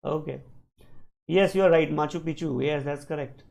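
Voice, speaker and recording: A man's voice: on the high side, moderate pace, gravelly, a little mellow, rough recording. A man teaching a live online reading lesson, questioning his students and repeating points for emphasis. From India. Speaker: online exam-prep teacher.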